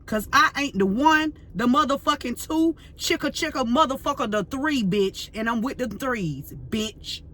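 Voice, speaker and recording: A woman's voice: high-pitched, lively intonation, unhurried, hardly any pauses, bright, forceful tone. A woman tarot reader ranting to camera, fiery and profane, full of slang and repeating herself as she vents. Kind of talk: heated unscripted rant to camera.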